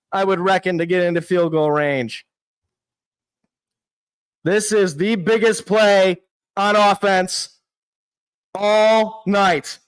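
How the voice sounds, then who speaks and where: High, bright-voiced excitable young man. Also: clean tone. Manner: excitable, shouting and anguished at big plays. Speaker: sports podcast host. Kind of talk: live play-by-play reaction.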